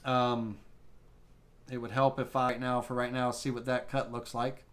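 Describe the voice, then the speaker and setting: A man teaching a live CNC software tutorial, thinking aloud with restarts as he works through settings. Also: mid-range voice, flat delivery, moderate pace. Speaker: woodworking CNC instructor.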